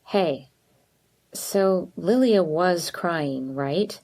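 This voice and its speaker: A blunt, tough teenage girl with a sarcastic edge, as a woman reads her in an audiobook. She speaks straight and plain, in a lowish voice. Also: drawn-out words, a little mellow. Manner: sarcastic, direct.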